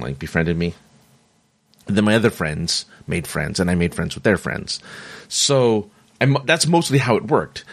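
A man's voice: low-pitched, dry recording. A middle-aged man casually telling personal stories, rambling and restarting his sentences and laughing at himself, with the hiccups. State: has the hiccups. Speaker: vlogger sharing personal stories. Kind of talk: casual monologue.

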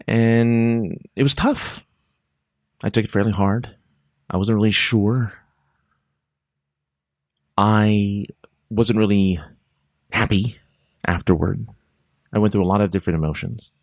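Dude rambling thru a story, cuts himself off a lot, dry close sound. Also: male voice, fairly low pitch, takes it slowly, long pauses, no echo. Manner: rambling, self-interrupting, animated storytelling. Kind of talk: casual monologue.

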